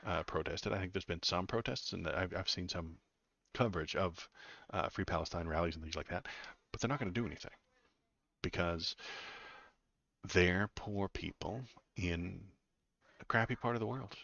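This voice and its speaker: Deep-voiced sardonic male political streamer. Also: creaky, a bit bright, no room sound, dull audio. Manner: sardonic, halting, many fillers and repeats. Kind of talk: live political commentary.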